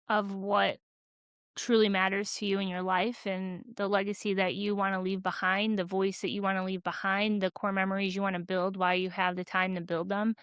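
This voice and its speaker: Chatty animated woman podcast host. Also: medium pitch, smooth, no echo. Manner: animated, chatty storytelling full of "like". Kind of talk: casual chat.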